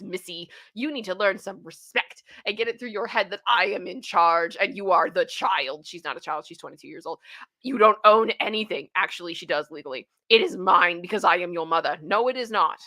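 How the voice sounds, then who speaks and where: Bright, animated woman reading stories. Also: mid-range voice. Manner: animated, reads quotes aloud with outbursts of disbelief and laughter. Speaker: host reading and reacting to stories. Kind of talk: casual commentary.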